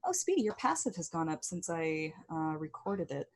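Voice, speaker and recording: A woman with a low voice runs a tabletop game, describing the action scene by scene. She keeps an easy, unhurried manner and fills pauses with soft ums. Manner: relaxed, with frequent ums. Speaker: game master.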